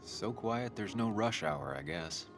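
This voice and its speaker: A man's voice: on the low side, a little slow, gravelly, a bit bright. A man voicing a weary, sardonic journalist in video game dialogue, dry and understated. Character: weary, sardonic male journalist back in his hometown. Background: game music.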